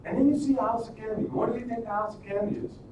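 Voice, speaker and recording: A man's voice: very high voice, racing. A man hosting a live stream, retelling a fairy tale in a casual, rambling way and turning it into a motivational talk full of rhetorical questions. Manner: animated, rambling, with frequent restarts and rhetorical questions. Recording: echoey room, distant mic, noisy.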